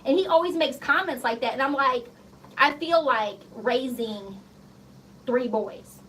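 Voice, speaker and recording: Woman, thirties, radio guest; bright high voice, blunt and profane; slightly off-mic recording. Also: unhurried. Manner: blunt, profane, animated storytelling. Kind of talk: casual interview chat. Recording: slightly distant mic with faint background noise.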